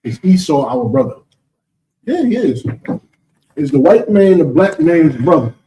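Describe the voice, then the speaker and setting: Emphatic preacher heard from afar. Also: male voice, a little high, sing-song, unhurried, mellow, recorded from a distance, a little hiss or hum, poor audio. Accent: American. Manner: emphatic, rhetorical, repeats "you understand?". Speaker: teacher answering questions. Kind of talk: preaching Q&A session.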